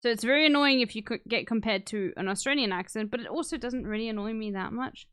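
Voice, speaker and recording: A woman's voice: fairly high pitch, quick pace, a bit bright, smooth, no echo, clean studio sound. Zimbabwean woman with a British-tinged accent. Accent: white Zimbabwean with British influence. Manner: rambling, profane, explanatory. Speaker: streamer. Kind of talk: casual live-stream chat while gaming.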